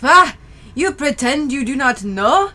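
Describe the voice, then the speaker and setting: Brief: woman doing a bright mock-German interrogator, stern and slow, accent drifting. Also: high voice, big pitch swings, slight background noise, heavily acted. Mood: menacing. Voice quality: slow, menacing, looping accent. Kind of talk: game dialogue read aloud on stream.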